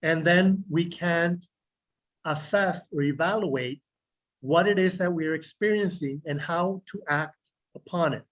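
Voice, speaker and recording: In a rough recording, a man with a slightly high, somewhat bright voice leads a meditation class as a clinical psychologist. He talks the group through self-regulation in a measured way, listing key words slowly, speaking straight to them and posing rhetorical questions.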